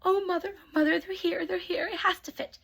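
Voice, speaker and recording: A woman doing gushing high-voiced stepsisters. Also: steady tone, fast, vocal fry, fairly bright tone, full character voice. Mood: eager. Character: excited squealing young stepsisters.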